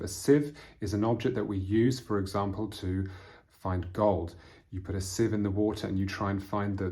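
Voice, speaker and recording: A man teaching English vocabulary from a storybook, explaining words slowly with frequent fillers. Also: low-pitched, a little mellow. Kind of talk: vocabulary lesson reading from a storybook.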